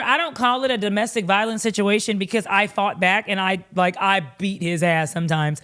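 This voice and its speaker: A woman vlogger recapping reality TV in a casual, animated and blunt way, swearing freely. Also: medium pitch, a little fast, few pauses.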